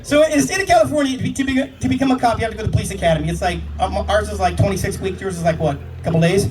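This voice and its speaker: A man on a comedy club stage with a fairly high voice tells brash, profane stories at a quick clip. He is picked up from a distance, and loud crowd laughter rolls in around his lines. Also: over music. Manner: brash, profane, fast storytelling punctuated by laughs. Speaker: stand-up comedian, police officer. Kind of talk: stand-up comedy. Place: comedy club stage before a live audience.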